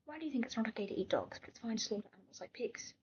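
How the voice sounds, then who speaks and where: A woman hosting a gaming channel, reading comments and chatting casually in a soft voice that often falls to a whisper. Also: fairly high pitch, animated, very fast, muffled recording, background noise.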